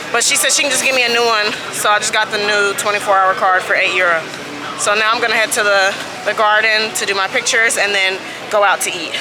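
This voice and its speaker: A woman's voice: a little high, background noise. A woman travel vlogger talking in a casual, chatty, slangy way. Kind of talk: casual vlog chat.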